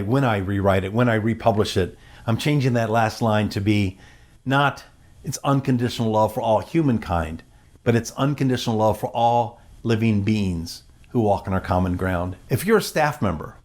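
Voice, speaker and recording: A man's voice: fairly low pitch, a little mellow. A man speaking at a gala, giving an inspirational talk with a heartfelt, earnest delivery and reciting a poem he wrote.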